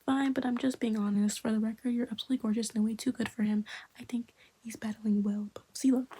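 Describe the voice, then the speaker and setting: A woman's voice: a little high, steady tone, quick pace, noisy background. A woman reading a webtoon aloud and reacting in casual, often half-whispered talk.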